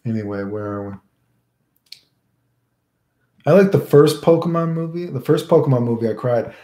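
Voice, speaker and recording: A man's voice: mid-range voice, warm tone. Rambling streamer man, echoey room. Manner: rambling, keeps adding "right?". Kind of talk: casual chat, reading viewer questions.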